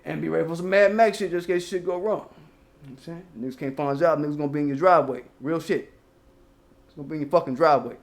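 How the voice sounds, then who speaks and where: Racing along in a fairly high-pitched voice, a channel host delivers loose, casual commentary laced with profanity, breaking into old rap lyrics now and then. The room has an echo.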